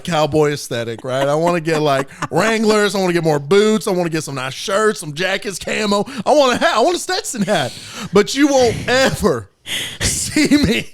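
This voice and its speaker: A man co-hosting a podcast, joking around and ranting playfully in casual banter. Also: sits high. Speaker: podcast co-host.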